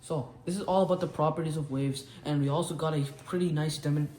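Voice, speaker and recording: A man's voice: on the high side, steady tone, fast talker, darkish tone. A young man explaining physics as a casual tutor while drawing, often restarting his sentences. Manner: casual, restarts and self-corrections. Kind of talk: whiteboard explainer lesson. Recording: roomy, faint background noise.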